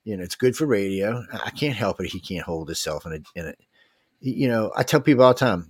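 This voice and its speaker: A man's voice: lowish voice, lively intonation, a little fast, breathy edge, no room sound, clean studio sound. A middle-aged man, a talk radio host, rambling boastfully and swearing in casual chat. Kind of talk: casual talk podcast rant.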